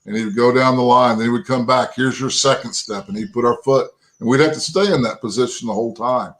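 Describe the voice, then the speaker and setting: A man's voice: medium pitch, quick pace, low-quality recording. A man in his fifties from Texas, a former pro football lineman telling rambling, folksy anecdotes as an interview guest, often tagging "right?" and "you know". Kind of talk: interview storytelling.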